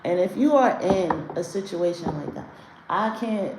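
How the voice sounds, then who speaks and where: A woman's voice: lowish voice, animated, normal speed. Woman on a livestream going off at her chat, cussing a lot, blunt, kinda echoey room with a little hiss. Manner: blunt, profane, rants at chat. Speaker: livestream host doing card readings. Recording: roomy echo, faint noise.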